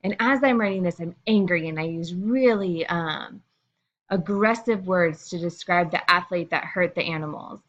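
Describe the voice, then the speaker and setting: A woman's voice: lowish voice, moderate pace, muffled recording. A woman teacher explaining a lesson to her students in a casual, chatty way, with frequent fillers.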